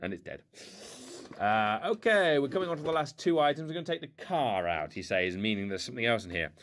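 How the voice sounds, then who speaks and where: A man's voice: medium pitch, very animated, a little fast, fairly bright tone, a little hiss or hum. A man casually rambling through an unboxing of old toy cars at home, self-mocking and playful. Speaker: toy car collector unboxing. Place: indoors at home.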